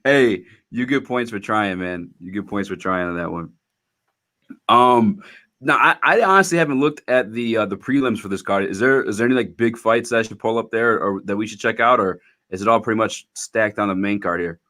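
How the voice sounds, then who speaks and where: A man's voice: fairly low pitch, fairly quick, pushed and bright. A man co-hosting a live MMA preview show, talking loosely, swearing and laughing easily. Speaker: podcast co-host. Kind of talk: casual MMA chat.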